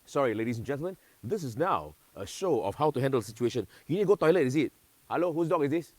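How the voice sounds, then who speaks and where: A man's voice: mid-range voice, sing-song, quick pace, no room sound. A man with a Singaporean accent hosting a live-streamed event, chatty and playful, slipping into local slang. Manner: talking to dogs while presenting. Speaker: event host.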